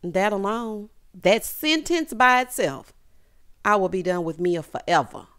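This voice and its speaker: A woman giving a casual, sassy recap of a reality show, with animated asides to the viewer. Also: medium pitch, unhurried, clean tone.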